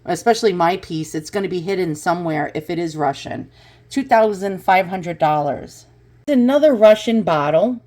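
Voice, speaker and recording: A woman vlogger talking through an unboxing and price research, often breaking into excited exclamations. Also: on the low side, moderate pace. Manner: excitable, exclaims over finds.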